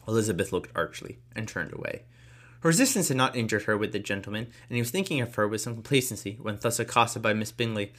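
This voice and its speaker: A man reading a classic novel aloud, briskly, with casual asides. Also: on the low side, animated, fairly bright tone. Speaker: reader.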